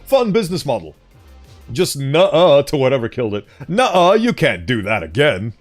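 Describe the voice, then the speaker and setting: A man's voice: mid-range voice, very animated, normal speed. A man streaming a casual reading of horror articles, breaking off into playful, joking asides. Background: faint background music.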